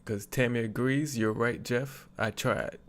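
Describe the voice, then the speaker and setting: A male reaction host giving casual, joking commentary, laughing and telling an animated story. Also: medium pitch, a little slow.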